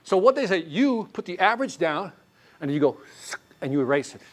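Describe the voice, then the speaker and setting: A man leading a live sales training class, quizzing the room with quick questions and answers. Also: sits high. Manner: animated, quizzing the class with call-and-response questions.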